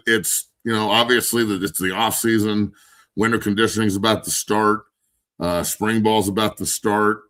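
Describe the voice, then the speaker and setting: Low-voiced, profane former-player host. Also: male voice, a bit bright. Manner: profane, storytelling, does voices of others. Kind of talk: casual sports talk.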